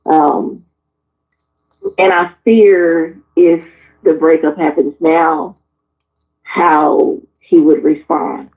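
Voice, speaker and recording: A woman in her forties, frank and animated, telling personal stories on a talk panel and swearing freely as she acts out the people in them. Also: deep voice, very slow, pauses often. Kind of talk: candid personal storytelling. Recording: tinny phone-like sound.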